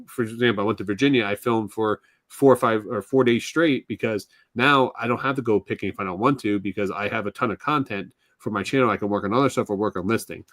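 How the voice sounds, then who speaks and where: A man's voice: on the low side, quick pace, hardly any pauses, fairly bright tone, dry recording. Rambling, chatty man co-hosting. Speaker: podcast co-host. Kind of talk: casual live podcast chat.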